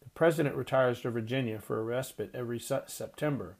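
A man's voice: medium pitch, fast talker, darkish tone, close to an everyday voice. A man reading the part of an older male merchant who gives gloomy, worried warnings.

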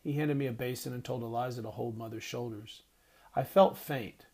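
A man narrating an audiobook chapter in a measured, expressive reading voice. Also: mid-range voice, slightly rough. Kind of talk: scripted narration.

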